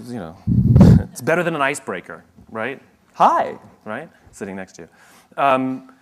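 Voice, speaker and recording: A middle-aged man gives a motivational talk and drifts into a funny personal story. He pokes fun at himself and often restarts his sentences as he goes. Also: medium pitch. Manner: storytelling, self-deprecating humor, frequent restarts. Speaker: speaker.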